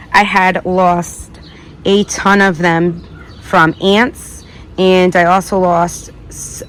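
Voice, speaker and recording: A woman's voice: on the low side, slight background noise. A woman giving a casual garden tour vlog outdoors, chatty and rambling, thinking aloud and correcting herself as she goes. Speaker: gardening vlogger.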